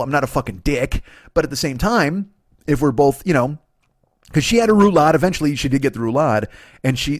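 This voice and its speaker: A man in his forties hosting a podcast, telling a rambling, profane, self-deprecating story in a casual, animated way. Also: mid-range voice, no room sound, studio quality. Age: 40s. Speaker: podcast host.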